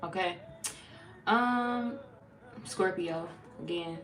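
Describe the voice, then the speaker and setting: A woman's voice: on the low side, very slow, a bit bright, faint music behind, rough recording. A woman reading tarot in a casual, blunt, chatty way, swearing freely. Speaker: tarot reader. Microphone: phone.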